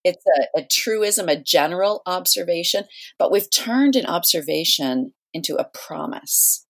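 Middle-aged woman author, lowish voice, measured and reflective guest. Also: animated, vocal fry. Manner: thoughtful, measured, with soft laughs. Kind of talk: podcast interview.

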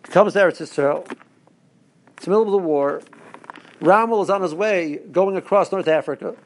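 A man's voice: high-pitched, moderate pace, a little hiss or hum. A man, a rabbi, giving a rambling Torah talk to his listeners with stories and asides. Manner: rambling, restarts, storytelling asides.

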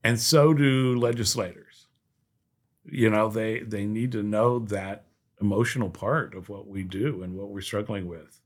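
A man from Ohio, a guest leading a nonprofit, speaking in a heartfelt, halting way with many fillers in a casual interview. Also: lowish voice, steady tone.

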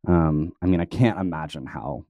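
A man's voice: rumbling low, moderate pace, dark tone, no room sound, studio quality. A man chatting casually, rambling through his thoughts with many fillers. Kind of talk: casual chat.

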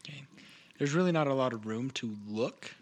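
A man's voice: mid-range voice, lively intonation, fairly quick. A man narrating as game master in a tabletop role-playing session, prompting players in an easygoing way.

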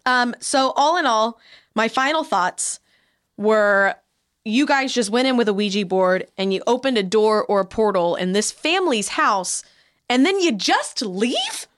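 A woman's voice: fairly high pitch, animated, unhurried, fairly bright tone. A woman co-hosting a podcast in casual chat, recapping a story with sarcasm and plenty of swearing. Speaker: podcast co-host.

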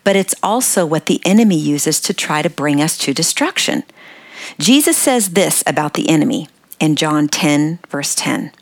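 An older woman hosting a devotional podcast, speaking earnestly and encouragingly, dropping to soft breathy tones on key words. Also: deep voice, a little slow, dry recording. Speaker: podcast host.

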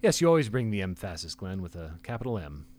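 A man's voice: sits low, sing-song, quick pace, a little mellow. A man co-hosting a casual podcast, trading wordplay and playful grandiose intros. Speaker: podcast co-host. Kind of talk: casual chat.

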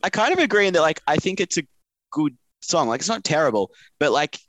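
A man's voice: fairly high pitch, sing-song, a little fast, a bit bright, dry recording. A man in a casual panel chat, giving easygoing, hedged opinions. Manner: hedging, easygoing. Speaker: panel guest.

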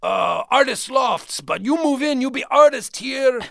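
A man's voice: very high-pitched, expressive, unhurried, gravelly, a bit bright, dry recording, clean studio sound, pitched above the performer's own voice, full character voice. A man putting on a scheming Dutch landlord. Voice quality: thick accent, broken English. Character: eccentric middle-aged Dutch landlord, scheming.

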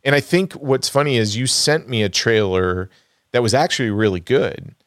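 A man's voice: medium pitch, moderate pace, fairly bright tone, no room sound, studio quality. A man co-hosting a podcast, chatting casually about films and thinking aloud as he goes. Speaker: podcast co-host. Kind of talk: casual movie chat.

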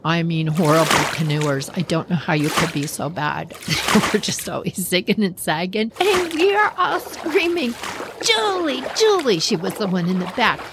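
A woman's voice: sits low, steady tone, normal speed, very noisy. A woman hosting a podcast, telling a personal story with lots of acted-out quotes.

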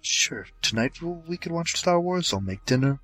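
A man voicing a worried, gentle mother who stammers and soothes. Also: medium pitch, animated, unhurried, husky, soft background music, voice pushed up. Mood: soothing.

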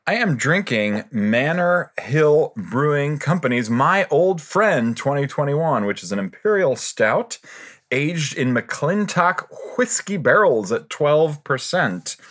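A man's voice: mid-range voice, a bit bright. Guy cohosting a chatty podcast, jokey, laughs a lot. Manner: joking, laughs often. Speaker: podcast co-host. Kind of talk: casual chat.

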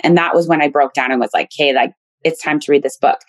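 A woman telling candid, animated personal stories in a casual podcast conversation. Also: deep voice, fast, no echo.

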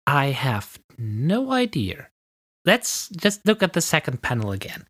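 A man at a tabletop game, wry and full of questions, his pitch swinging widely. The sound is close and dry. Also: huge pitch swings, unhurried, fairly bright tone, slightly rough, dry recording. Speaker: player.

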